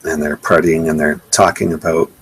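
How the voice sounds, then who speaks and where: A man's voice: a bass voice, little pitch movement, normal speed, a bit bright, slight background noise, low-quality recording. A man giving a live webcast slideshow talk in an indignant, sarcastic way, often repeating himself. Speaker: presenter.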